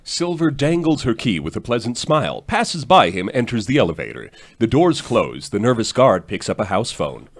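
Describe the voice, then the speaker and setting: A man's voice: mid-range voice, big pitch swings, normal speed, few pauses. A man narrating the stage directions in a live script read, with joking asides.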